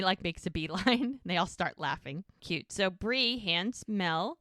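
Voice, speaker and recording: A woman co-hosting a podcast, retelling a TV episode in an animated, chatty way and quoting the characters. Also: mid-range voice, normal speed, few pauses, no room sound, studio quality. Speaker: podcast co-host. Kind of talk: casual recap of a TV episode.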